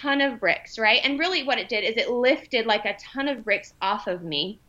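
A young adult woman tells a personal story in casual conversation, animated and emotional, and slips into the voices of the people she quotes. Her voice sits a little high with a bright, forward tone. The recording sounds dull and lo-fi. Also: moderate pace. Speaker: podcast guest.

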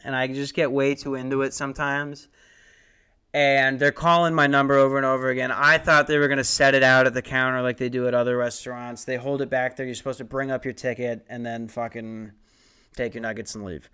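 A young man in his twenties spins a long, rambling comic story on his podcast, swearing freely and mocking himself. His voice is smooth and resonant, pitched in a middle range for a man. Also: fairly even intonation, normal speed, fairly bright tone. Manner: rambling, profane, self-mocking. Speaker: podcast host.

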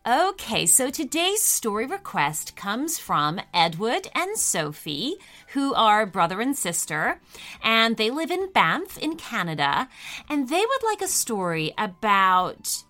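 Animated, bright-voiced woman storyteller. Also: fairly high pitch, slow. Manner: warm, animated, addresses kids directly. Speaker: children's story podcast host and narrator. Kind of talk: storybook narration for kids.

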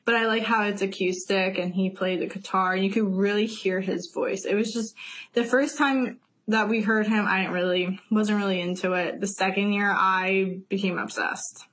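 A woman's voice: medium pitch, moderate pace. A young woman co-hosting a podcast, chatting casually and giving frank opinions. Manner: relaxed, candid, frank opinions. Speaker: podcast co-host. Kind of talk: casual chat.

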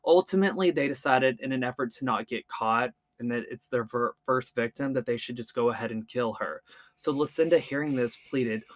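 A man's voice: mid-range voice, a little fast, dry recording. A man hosting a podcast, telling a true-crime story in a casual, chatty way, often stumbling over words and saying "like.". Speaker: podcast host.

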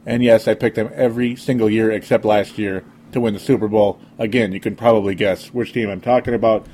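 Minnesota guy rambling on his sports podcast, kinda sarcastic, mellow dark voice. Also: fairly low pitch, fairly even intonation, a little fast, breathy edge. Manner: rambling, sarcastic, frequent fillers. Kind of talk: casual sports podcast monologue.

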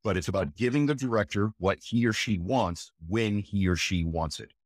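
A man's voice: fairly low pitch, moderate pace, no echo, clean studio sound. A man who works as a voice actor, chatting in an interview, enthusiastic and emphatic, often tossing in "again" and "right?". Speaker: voice actor guest. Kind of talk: casual interview chat.

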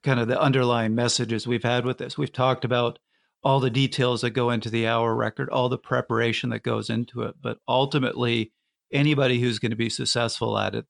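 A male podcast host asking conversational interview questions and summarizing in a measured way. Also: medium pitch, little pitch movement, creaky, no room sound.

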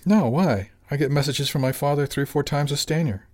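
A man's voice: fairly high pitch, fairly quick, a little mellow, voice pushed up, natural voice. Middle-aged fishing skipper, easygoing, plain-spoken, audiobook, male reader.

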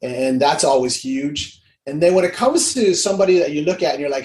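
A man's voice: on the high side, animated, fairly quick, darkish tone. A man from Hawaii, a guest on an interview show, talking casually and with energy, acting out the dialogue he quotes. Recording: roomy echo.

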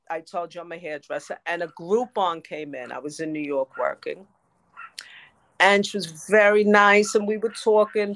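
A woman telling her own story as a podcast guest, lively and quick to laugh. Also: mid-range voice, no echo. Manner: lively, laughs often between phrases. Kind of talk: storytelling in interview.

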